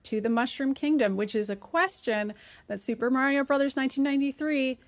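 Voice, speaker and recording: Female podcast co-host, slightly high pitch, vocal fry, earnest and enthusiastic. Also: fairly quick. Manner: enthusiastic and earnest, laughs easily. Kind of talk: casual podcast chat.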